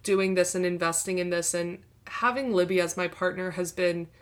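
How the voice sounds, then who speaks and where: A young woman co-hosting a podcast in casual chat, speaking warmly and effusively. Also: on the low side, steady tone, normal speed. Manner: warm, effusive, heartfelt. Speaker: podcast co-host.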